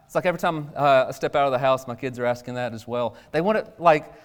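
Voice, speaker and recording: A man, likely in his thirties, preaching a conversational sermon in a casual, animated way with sudden jumps in pitch. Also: fast. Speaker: pastor.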